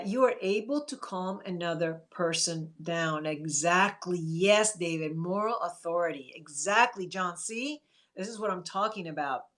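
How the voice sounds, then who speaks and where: Woman, therapist, live-stream advice, earnest, speaks to viewers directly. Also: mid-range voice. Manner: earnest, answers chat comments by name.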